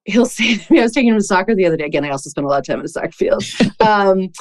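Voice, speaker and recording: A woman's voice: medium pitch, animated, racing. A woman hosting a podcast interview, telling a story in a chatty way full of "like" fillers. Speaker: podcast host. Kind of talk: casual conversational interview.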